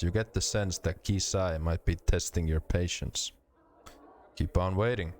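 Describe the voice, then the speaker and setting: Low-voiced man reading game text. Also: a little hiss or hum. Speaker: streamer.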